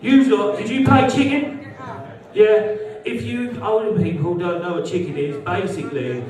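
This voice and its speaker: A man's voice: high voice, moderate pace, a little mellow. A young British man doing a live stand-up routine in a social club, brash and sweary as he banters with the crowd. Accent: British English. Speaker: stand-up comedian. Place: social club comedy venue. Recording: roomy hall, heard from a distance. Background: audience laughter.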